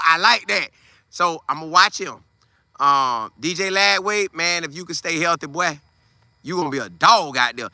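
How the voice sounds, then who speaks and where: A man hosting a casual football commentary show, talking in an animated, slangy way. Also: fairly high pitch, moderate pace, creaky, dry recording, clean studio sound. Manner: animated, trash-talking, Southern Black vernacular slang. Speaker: sports podcast host.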